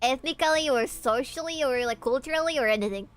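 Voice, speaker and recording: A woman's voice: high-pitched, fast talker, faint music behind. A young woman from Peru, streaming a game and joking and teasing with her chat, swearing casually. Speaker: VTuber streamer.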